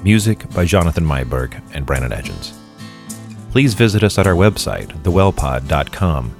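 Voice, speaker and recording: A man's voice: rumbling low, sing-song, moderate pace, gravelly, a little mellow, faint music behind. A man, the producer, narrating the links and outro of a podcast.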